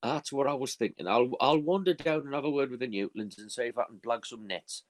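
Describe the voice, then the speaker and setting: A man's voice: mid-range voice, brisk. A man taking part in a tabletop game, speaking casually and plainly. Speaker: player. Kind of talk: tabletop role-play.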